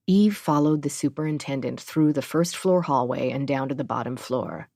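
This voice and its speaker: Female audiobook narrator, low register, dry and close; measured reading. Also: animated, creaky, a little mellow, dry recording.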